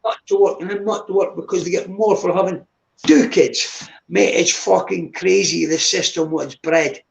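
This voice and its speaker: Gravelly sweary man, echoey room. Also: high-pitched, steady tone, moderate pace, dull audio. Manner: blunt, sweary, says "mate" constantly. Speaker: guest on a live stream. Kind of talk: casual chat.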